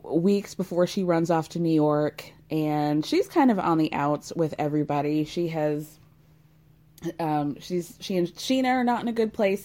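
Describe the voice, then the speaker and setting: A woman's voice: fairly low pitch, mellow. A woman hosting a casual chat, recapping with sardonic, chatty asides. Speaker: podcast host recapping a reality show.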